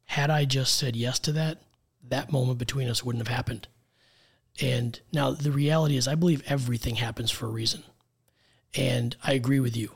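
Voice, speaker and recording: An American man, a guest executive coach, telling his story in an earnest, measured way. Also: medium pitch, fairly even intonation, vocal fry, husky. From United States. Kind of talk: conversational interview.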